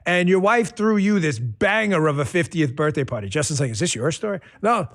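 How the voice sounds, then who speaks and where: A man in his fifties hosting his own talk show, delivering a fired-up monologue that swings from muttered asides to near shouting. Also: on the high side, animated, brisk. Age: 50s. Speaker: podcast host.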